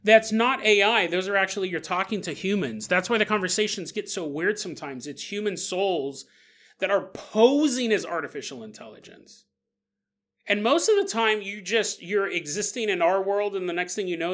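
A man's voice: sits high, a bit bright. A man hosting a podcast on his own, talking casually, joking and laughing often, and acting out quoted voices. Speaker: podcast host. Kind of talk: casual solo podcast monologue.

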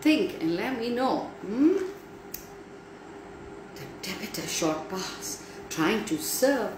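A woman reading a story aloud for children in an animated way, speaking to her young listeners. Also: medium pitch, slow. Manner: animated, talks to listeners directly. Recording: echoey room, faint background noise.

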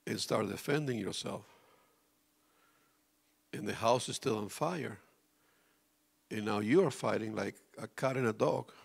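A man preaching a sermon as a pastor, swinging between loud outbursts and soft near-whispers and questioning his congregation directly. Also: on the low side, a little slow, vocal fry, long pauses, husky.

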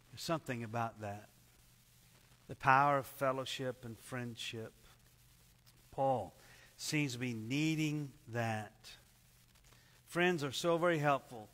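A man preaching a sermon in an earnest, measured way, dropping softly for emphasis. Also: long reverb tail. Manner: earnest, measured, drops to soft low tones for emphasis. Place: church service at a camp.

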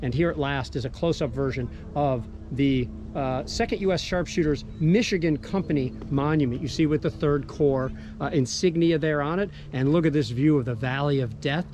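A man's voice: on the high side, moderate pace, few pauses, darkish tone, a little hiss or hum. A man leading an outdoor walking tour on a hillside, eagerly pointing out the sights, recorded on a body-worn action camera. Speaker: battlefield tour guide.

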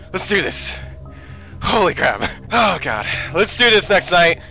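A man giving let's play commentary, excitable and swearing as he yells at the game. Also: a little high, low-quality recording.

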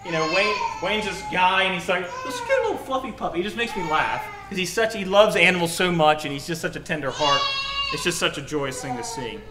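A young adult man preaching a sermon to his congregation, telling personal stories in an animated, joking way. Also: high-pitched, a little fast, heavy background noise. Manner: animated, jokey storytelling. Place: church hall. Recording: roomy church hall.

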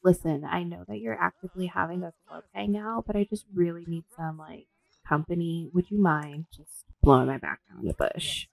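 A woman voicing a frazzled young woman who is high and begging, rambling and crude. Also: moderate pace, vocal fry, no room sound. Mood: pleading.

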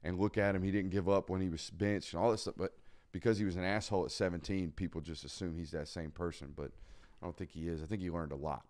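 A man hosts a live sports talk show in a fairly low voice. He talks bluntly and emphatically, and he often stacks repeated words to drive his points home. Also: steady tone, quick pace, a little mellow. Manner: blunt, casual swearing. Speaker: podcast host.

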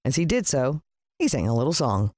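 A narrator reading a children's adventure story aloud in an expressive way, with the pitch leaping up in the dialogue. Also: brisk, dry recording, studio quality.

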